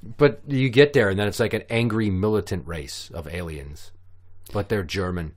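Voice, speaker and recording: Low voiced guy on a podcast, crude and swearing, riffing away. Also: normal speed. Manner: crude, profane, animated riffing. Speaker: podcast co-host. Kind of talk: casual podcast chat.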